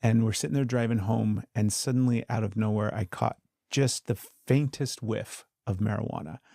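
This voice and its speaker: A man in his forties, a podcast co-host and former cop, telling a story in a relaxed, plain-spoken way. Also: fairly low pitch, moderate pace, gravelly, no echo, clean studio sound. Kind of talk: casual chat.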